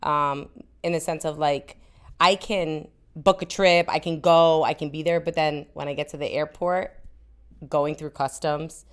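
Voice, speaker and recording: A woman in her thirties chats on a podcast in a fairly low voice. She is candid and swears freely. She acts out the scenes of her stories with plenty of animation. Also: fairly even intonation, measured pace, clear, resonant tone. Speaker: podcast co-host. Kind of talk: casual chat.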